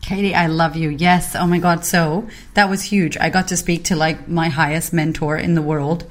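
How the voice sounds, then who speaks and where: This is an excitable woman from Boston who hosts a podcast and talks in a slightly low voice. She chats casually and swears freely. She tells stories with energy and acts out her own reactions. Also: moderate pace. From Boston, United States. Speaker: podcast host. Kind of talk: casual chat, animated storytelling. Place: online audio chat room.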